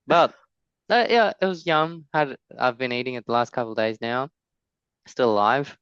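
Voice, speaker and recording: A man with a South African accent, co-hosting a podcast in relaxed casual chat and often restarting his sentences. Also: mid-range voice, normal speed, clean tone, no room sound, lo-fi sound. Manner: laid-back, hesitant, restarts a lot. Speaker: podcast co-host.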